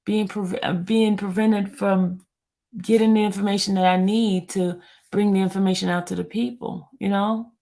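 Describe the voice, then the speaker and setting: A woman who reports on court news talks to her viewers on a live stream. Her voice is gravelly and her pitch sits in a middle range. She sounds frustrated, comes back to the same points again and again, and speaks straight to the people watching. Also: steady tone, normal speed, warm tone.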